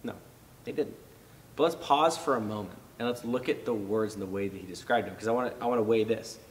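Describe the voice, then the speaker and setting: A man's voice: lowish voice, fast talker, long reverb tail, recorded from a distance, slight background noise, rough recording. A man giving a casual youth sermon, talking it through conversationally with fillers and restarts. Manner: animated when acting out reactions. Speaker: youth pastor.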